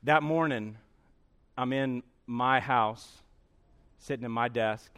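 A middle-aged male pastor preaching a sermon, telling a personal story with animated acting-out and sudden shouts. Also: mid-range voice, takes it slowly.

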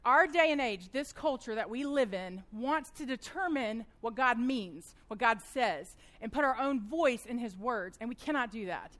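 High-pitched woman in her thirties, fast and animated, teaching a church group. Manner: fast-talking, animated storyteller. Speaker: women's Bible study teacher. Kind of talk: church teaching talk with personal stories.

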